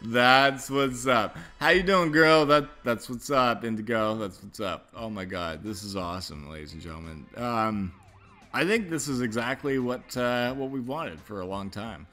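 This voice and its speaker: A man's voice: medium pitch, animated, bright, forceful tone. A man hosting a casual livestream chat, rambling, swearing a lot and laughing often. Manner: profane, rambling, quick to laugh. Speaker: livestream host.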